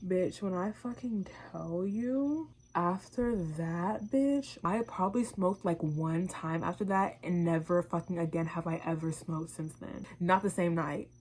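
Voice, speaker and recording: A young woman vlogger with a somewhat low, husky voice. She tells a chatty storytime, peppered with profanity and lively acted-out quotes of herself and her friends. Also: measured pace, hardly any pauses. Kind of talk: casual storytime chat.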